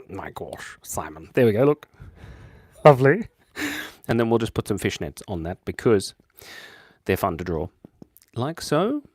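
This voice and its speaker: Casting note: young Australian man hosting a drawing livestream, goofy, very lively pitch, dry close sound. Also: no echo. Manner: playful, jumps between high excited bursts and quiet mumbles. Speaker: livestream host drawing for chat. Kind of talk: casual live-stream chat while drawing.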